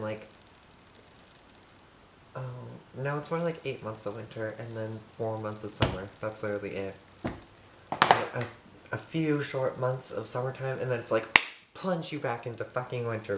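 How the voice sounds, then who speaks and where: A teenage guy from Montana rambles through a baking vlog in his kitchen, camp and sassy, swearing freely. His voice sits at a middling pitch. The room echoes, and steady noise runs underneath. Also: moderate pace. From Montana, USA. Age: teens. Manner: sassy, campy and profane. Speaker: vlogger. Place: home kitchen.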